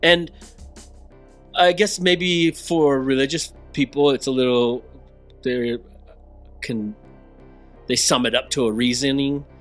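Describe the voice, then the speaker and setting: A man's voice: medium pitch, steady tone, slow pace, pauses often, fairly bright tone, soft background music. A man co-hosting a casual podcast, rambling, often losing his train of thought and laughing at himself. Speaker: podcast co-host. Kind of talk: casual chat.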